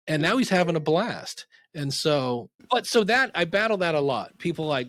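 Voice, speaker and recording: A podcast guest, a man with a slightly high voice, tells coaching stories in an easy, animated way. He acts out the people he quotes. His voice sounds dry and close to the mic. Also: moderate pace, dry recording. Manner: lively, acts out quoted dialogue. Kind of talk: casual interview storytelling.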